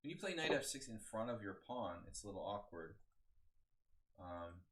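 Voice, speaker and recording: A man in his forties with a slightly low voice talks through chess games on a live stream. He rambles casually, stops to greet viewers, and drifts into side chat before going back to the moves. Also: sing-song, moderate pace, fairly bright tone. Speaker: chess coach. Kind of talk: live-streamed game analysis.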